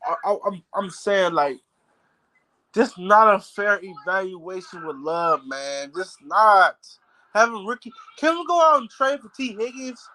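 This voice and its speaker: In a heated fan rant vlog, an angry man speaks in a high, animated, sharp-toned voice without rushing. He swears and trips over his words, captured on poor audio.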